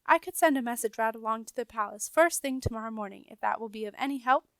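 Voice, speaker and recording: A woman's voice: on the high side, fast, a bit bright, no echo. A woman voicing an elderly, portly male rat who runs a message office, flustered and apologetic with a stammer. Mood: fussy.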